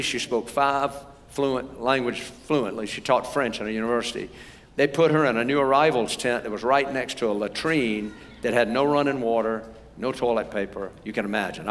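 A man's voice: mid-range voice, slight background noise. Earnest American man preaching in a hall. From United States. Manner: earnest, storytelling, rising emphasis. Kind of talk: sermon with personal stories. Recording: long hall reverb.

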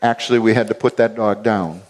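A man's voice: lowish voice, a little fast. A middle-aged man preaching a sermon, telling stories with acted-out quotes and chuckles. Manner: animated storytelling with acted-out quotes and laughs. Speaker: pastor.

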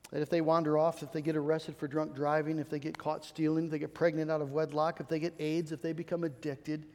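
A male pastor preaching a sermon, swinging between loud emphatic stretches and soft confiding asides, often repeating words as he restarts. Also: fairly high pitch. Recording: long hall reverb.

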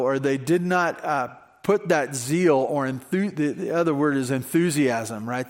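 A male pastor preaching a sermon in a conversational way, with rhetorical questions. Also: on the high side. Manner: conversational, many fillers and restarts, rhetorical questions.

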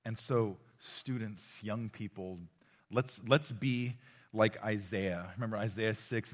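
A man preaching a sermon to young people in a room, impassioned, swinging from loud exhortation to hushed tones, often repeating words as he goes. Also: on the low side, slow. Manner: repeats words and restarts as he speaks. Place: room with a live audience.

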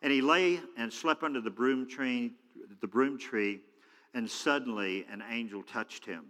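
Animated preacher in a reverberant hall. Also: male voice, a little slow. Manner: animated preaching, acts out quoted voices with big swings in pitch and loudness. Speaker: pastor. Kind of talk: sermon.

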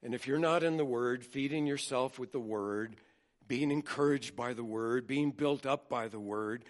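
A man preaching as a pastor, reading scripture slowly and building to emphatic points before dropping soft again. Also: mid-range voice. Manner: expressive preaching, slows down to read scripture. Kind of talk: sermon.

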